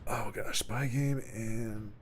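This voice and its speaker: A man's voice: fairly low pitch, fairly even intonation, takes it slowly, a little hiss or hum. A man hosting a livestream, chatting casually and rambling, often stopping mid-word and reading chat aloud. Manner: rambling, self-interrupting, reads chat aloud. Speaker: streamer host.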